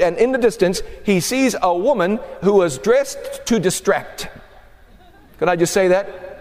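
Male pastor, sermon, high voice, emphatic and conversational, long hall reverb.

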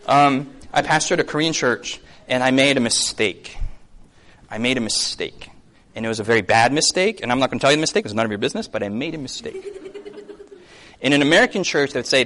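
Man in his thirties, pastor, sermon, high voice, bouncy delivery, quizzes the crowd. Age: 30s. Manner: animated, asks the audience yes or no, acts out quick voices. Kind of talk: lively sermon to a congregation.

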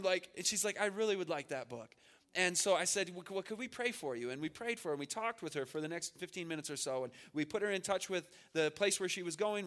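A man's voice: a little high, fairly bright tone. A man in his thirties giving an informal sermon on family, telling stories conversationally and often asking "right?". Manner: conversational, repeats words, asks "right?". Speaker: speaker at a church family seminar.

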